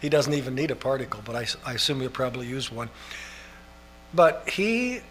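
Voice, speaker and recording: A pastor preaching a sermon in an earnest way, building up to emphatic, almost shouted passages. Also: male voice, mid-range voice, steady tone, rapid-fire, a little hiss or hum.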